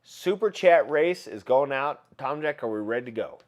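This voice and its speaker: Man, live stream host, casual chat, lively swinging pitch, greets viewers by name. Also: moderate pace. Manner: chatty, reads out viewer names and shouts greetings. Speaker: livestream host.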